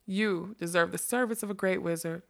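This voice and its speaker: Woman reader voicing a self-doubting male magician: rueful, heavy-hearted, low-pitched. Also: moderate pace, vocal fry. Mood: gentle.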